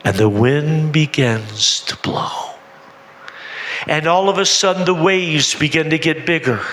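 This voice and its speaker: Man preaching slow and dramatic, high bright voice, echoey church. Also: slight background noise. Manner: dramatic, asks the congregation questions. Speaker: missionary preacher. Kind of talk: sermon with storytelling.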